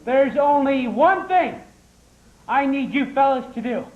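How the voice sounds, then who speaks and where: Casting: comic cowardly lion played by a man, high and slow, dull echoey stage sound. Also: animated. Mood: blustering. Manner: blustering then timid, comic. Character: timid blustering cowardly lion. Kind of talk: amateur stage play.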